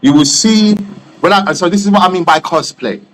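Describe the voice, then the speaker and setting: A man's voice: sits high, moderate pace. A man from England, a stream guest talking bluntly and opinionatedly, swearing freely. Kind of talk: casual chat on a live stream.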